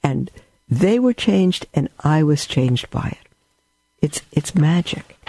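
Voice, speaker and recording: A man's voice: a little high, sing-song, takes it slowly, vocal fry, slight background noise. A man giving a rambling spiritual talk, telling stories with asides. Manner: storytelling, warm and rambling with asides. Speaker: religious teacher.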